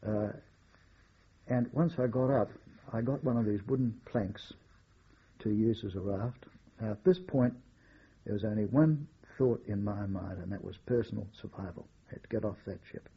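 Older man, husky raspy voice, measured storytelling, dull lo-fi recording. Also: lowish voice. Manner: measured storytelling with wry chuckles. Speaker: war veteran recounting memories. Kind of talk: oral history recollection.

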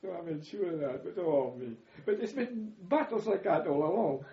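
A man's voice: high voice, very animated, moderate pace. An older man, telling war stories in an interview. He chuckles now and then and repeats words as he recalls events. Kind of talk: reminiscing storytelling. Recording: echoey room, slightly dull audio.

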